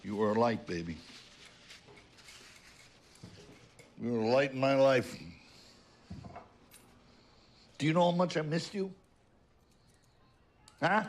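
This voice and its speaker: An actor playing a gruff, blunt, middle-aged working-class father in a film drama. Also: medium pitch, sing-song, normal speed, slight background noise, close to an everyday voice. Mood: tender.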